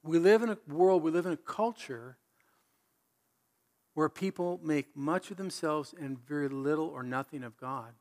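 Man, pastor, preaching, conversational, rhetorical questions, slightly high voice. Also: normal speed, darkish tone. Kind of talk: sermon.

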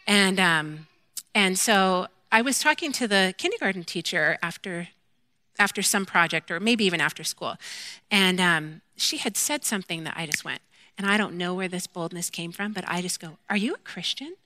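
A woman giving a candid, self-deprecating personal faith testimony, telling her story in an animated way and acting out her own quoted lines. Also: on the low side, normal speed, no echo. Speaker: mother sharing a faith testimony.

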